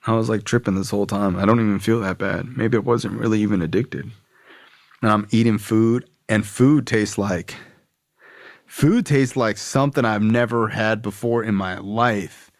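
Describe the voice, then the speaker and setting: Low voice guy telling his story, swears a lot, says like constantly, dry mic. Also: moderate pace, vocal fry, no room sound. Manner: casual, profane, full of "like". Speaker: podcast guest. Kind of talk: personal recovery story.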